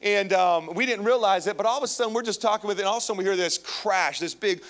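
A male pastor preaching a sermon to a live congregation, telling a personal story with lively energy and calling out to the listeners. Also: high-pitched, fast. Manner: animated storytelling, calls out to the congregation. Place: church, before a live congregation.

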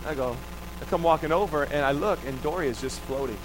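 A man's voice: a little high, fast talker, noisy background. A man preaching a sermon, telling a personal story and putting rhetorical questions to the congregation. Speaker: pastor.

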